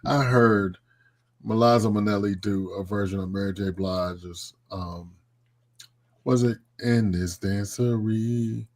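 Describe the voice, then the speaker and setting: A man hosting a podcast in casual chat, loud and laughing, swearing freely. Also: on the low side, fairly even intonation, takes it slowly. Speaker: podcast host.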